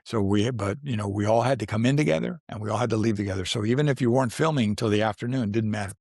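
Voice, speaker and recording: With a fairly low, slightly mellow voice, a man in his sixties talks fast while telling stories as an actor guest in a casual interview. He rambles, restarts frequently and laughs as he goes, all captured in a dry, clean studio recording.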